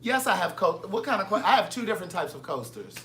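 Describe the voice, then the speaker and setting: Man, casual live chat host, sassy teasing banter, bright tone, faint hum behind. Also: high-pitched, very animated, quick pace.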